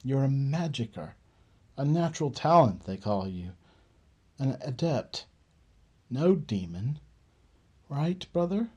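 A man's voice: mid-range voice, very animated, slow, pauses often, darkish tone, breathy edge, lo-fi sound, pitched above the performer's own voice, exaggerated voice. Blunt streetwise woman, voiced by a man. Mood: reassuring. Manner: blunt, plainspoken, coaxing. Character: tough streetwise woman, blunt but caring.

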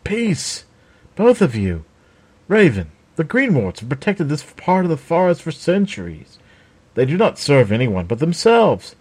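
A man voicing a calm, wise male traveler who speaks earnestly as a peacemaker in a storybook reading. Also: fairly high pitch, unhurried, slightly rough, voice pushed up, heavily acted.

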